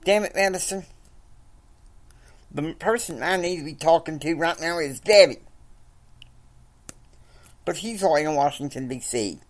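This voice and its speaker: A woman's voice: deep voice, moderate pace, long pauses, pitched above the performer's own voice, natural voice. Woman doing a stressed-out rancher guy, strained and fed up, about to snap. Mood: frustrated. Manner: strained, frustrated. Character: stressed angry young rancher husband.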